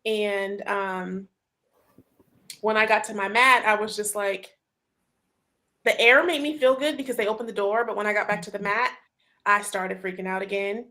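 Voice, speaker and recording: A woman hosting a casual group chat, telling a story in an animated way, full of fillers and laughter. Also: medium pitch, normal speed, pauses often. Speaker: host.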